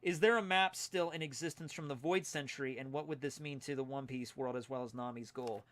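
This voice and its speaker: Bright-voiced man rambling on a stream. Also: mid-range voice, a little fast. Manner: rambling, loose and chatty with many fillers. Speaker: streamer reading fan mail. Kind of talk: casual livestream chat. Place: at home.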